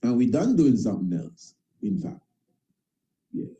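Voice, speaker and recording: Unhurried and warm, with huge swings in his medium-pitched voice, a priest who hosts an online show gives a fervent monologue. He is emphatic and repetitive, leaning on informal grammar and tag questions, and the audio sounds dull.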